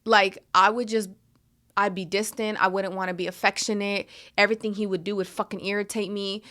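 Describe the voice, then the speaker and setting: A woman at a middle pitch with a bright, forward tone hosts a podcast. She tells a personal story in a candid, emphatic way, swearing freely as she goes. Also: little pitch movement, fairly quick. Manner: frank, profane and emphatic. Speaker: podcast host.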